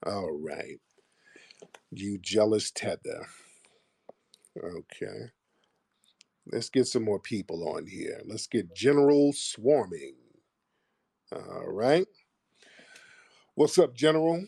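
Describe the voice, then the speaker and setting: A man's voice: fairly low pitch, lively intonation, takes it slowly, gravelly, long pauses, mellow, slightly rough, no echo, studio quality. A man hosting a live call-in show, casual and combative, mocking and insulting his callers.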